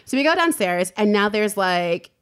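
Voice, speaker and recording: A woman's voice: medium pitch, big pitch swings, normal speed, a bit bright, clear, resonant tone. A woman co-hosting a podcast, telling a story in casual chat, full of "like" fillers and casual swearing. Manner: chatty, filler-heavy "like", swears freely. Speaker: podcast co-host.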